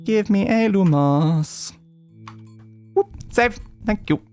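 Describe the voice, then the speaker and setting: Over soft background music, a man streams a retro role-playing game in casual let's-play chat, rambling with plenty of fillers and restarts. His voice sits high, slightly mellow and expressive, and he speaks slowly.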